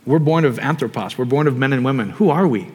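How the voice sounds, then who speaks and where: A man preaching a sermon in a relaxed, conversational way, often asking the audience questions. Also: mid-range voice, fast talker, breathy edge. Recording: long hall reverb.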